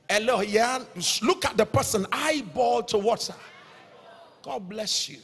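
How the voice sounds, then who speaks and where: Nigerian preacher man with a bright, high voice. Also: unhurried, creaky. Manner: emphatic preaching, rising to shouts, sing-song cadence. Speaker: pastor. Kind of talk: sermon. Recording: reverberant hall sound.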